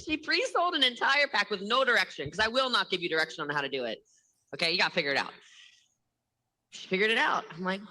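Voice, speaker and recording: A woman giving a motivational sales training in a lively, laughing way, acting out other people's lines. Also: fairly low pitch, fast talker, low-quality recording.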